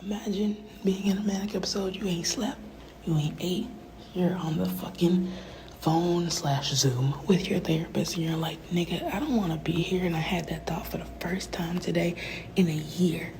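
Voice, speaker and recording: A woman's voice: fairly low pitch, fairly even intonation, moderate pace, background noise. A woman rapper in a profane, rambling livestream rant that often sinks to a whisper.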